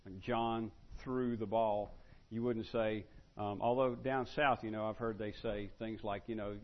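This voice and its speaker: A man preaching a teaching sermon in a conversational way, with many restarts and fillers, slowing down to stress key words. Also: fairly low pitch, steady tone, dull audio.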